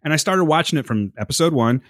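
Podcast dude getting worked up, cussing and laughing, bouncy voice, dead dry sound. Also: male voice, on the high side, animated, fast talker, fairly bright tone, no room sound. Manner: heated, swearing, laughs often. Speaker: podcast co-host. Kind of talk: casual chat.

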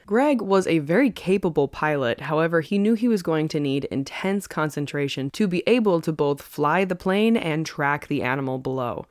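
A woman's voice: low-pitched, lively intonation, normal speed, few pauses, no echo, clean studio sound. A woman hosting a podcast, telling a story in a chatty, casual way and laughing often. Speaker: podcast co-host.

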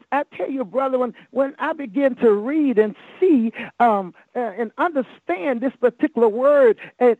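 A man's voice: very high-pitched, no echo. Man preaching hard, amen every other line, thin tinny dry sound. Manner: fervent, peppered with "amen" and "my God". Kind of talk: sermon.

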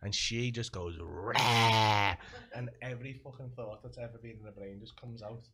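A podcast host with a Liverpool accent, spinning loose, meandering anecdotes. He swears freely and slips into quick impressions of the people he describes. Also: medium pitch, steady tone, a bit bright, breathy edge. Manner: rambling storyteller, heavy swearing, acts out quoted voices. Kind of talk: casual podcast chat.

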